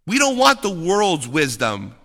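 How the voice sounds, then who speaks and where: A man preaching a sermon, telling stories with lively asides and frequent "okay?" checks with the listeners. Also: on the high side, unhurried. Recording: long reverb of a large hall.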